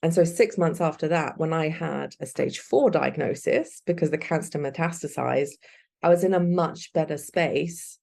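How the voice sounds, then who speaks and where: Young woman guest, low husky voice with fry, mellow tone, earnest and candid. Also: moderate pace. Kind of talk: personal storytelling.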